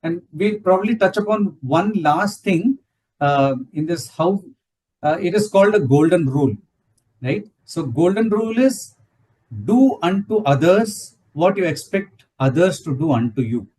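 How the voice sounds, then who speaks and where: A man's voice: high voice, animated, measured pace, darkish tone, husky, distant mic, rough recording. A man explaining ideas in a spiritual talk, often checking in with "right?". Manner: explanatory, ends points with "right?". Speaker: satsang speaker.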